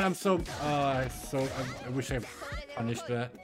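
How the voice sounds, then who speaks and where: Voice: medium pitch, lively intonation, a little slow. A young adult streamer giving casual commentary during a match, joking, laughing at their own jokes and swearing freely. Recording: game music playing behind.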